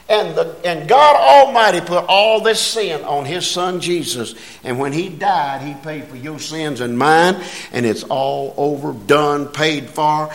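A man delivers a sermon. His voice sits a little high, and his homespun, conversational storytelling climbs into emphatic preaching. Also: a bit bright. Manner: folksy, rising to emphatic preaching.

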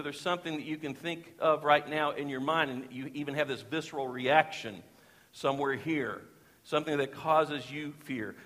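A man's voice: fairly high pitch, fairly bright tone. Earnest preacher man in echoing hall. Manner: earnest, rises in intensity on emphatic phrases, slows for quotes. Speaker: pastor. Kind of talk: sermon. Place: church sanctuary. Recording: long reverb of a church hall.

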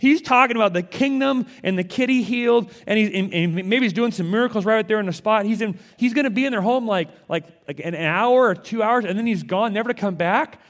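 A male pastor preaching a conversational sermon with animated delivery, often repeating words as he goes. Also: sits high, fairly quick, hardly any pauses.

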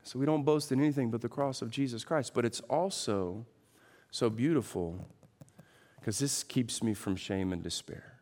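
A man preaching a sermon with an emphatic delivery. His voice sits at an average pitch and swings from loud, raised peaks down to quiet, low stretches. He puts rhetorical questions to the congregation. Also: moderate pace. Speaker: pastor.

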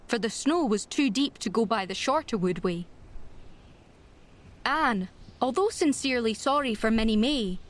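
A woman narrating a classic novel as an audiobook, measured and expressive. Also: fairly high pitch.

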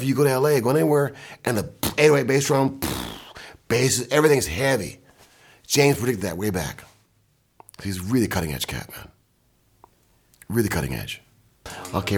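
An older man from Michigan, a music producer, telling animated stories in casual talk from his recording studio. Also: on the low side. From Michigan, USA. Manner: animated anecdotes, quick bursts, mimics and scats.

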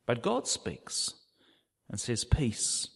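Male preacher, expressive scripture reading, lively pitch, long church-hall reverb. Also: measured pace. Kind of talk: sermon.

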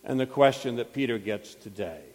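A man's voice: mid-range voice, lively intonation, normal speed, darkish tone, big-room sound. A man preaching a sermon as pastor, retelling a story with dramatic acted quotes. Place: church sanctuary.

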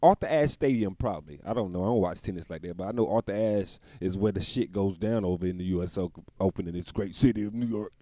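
A man's voice: deep voice, steady tone, fast, few pauses, mellow, dry recording, studio quality. A man delivering a rambling, profane comic monologue, often laughing at his own jokes.

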